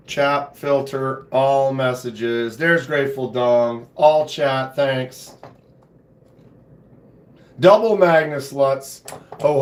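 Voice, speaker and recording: A man with a hoarse voice hosting a casual live stream from his home knife room, laid-back and chatty, often clearing his throat. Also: medium pitch, reverberant, slight background noise. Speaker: knife channel host.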